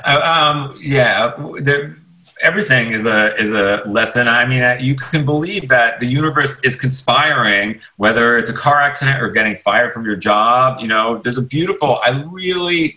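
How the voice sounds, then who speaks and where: Male author guest, crisp bright tone, thoughtful, rambling delivery. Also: mid-range voice, low-quality recording. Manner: reflective, with many restarts and fillers. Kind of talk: casual interview talk. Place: radio studio.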